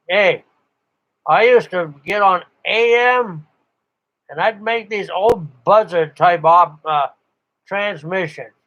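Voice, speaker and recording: A man's voice: sits high, highs cut off. An older man, a ham radio operator, telling rambling stories in a casual chat with frequent chuckles. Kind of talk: casual monologue.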